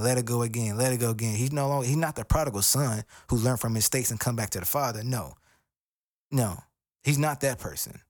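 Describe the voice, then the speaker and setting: A man's voice: medium pitch, darkish tone, no room sound. Earnest man preaching informally, dry sound. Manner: conversational and earnest, with repeated phrases and slang. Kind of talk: informal sermon.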